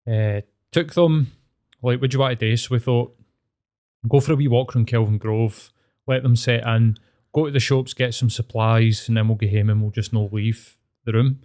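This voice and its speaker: A man's voice: medium pitch, steady tone, moderate pace, a little mellow. A man with a Glasgow accent, a therapist telling a long story in casual, rambling chat, sweary and full of fillers. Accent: Scottish, Glasgow.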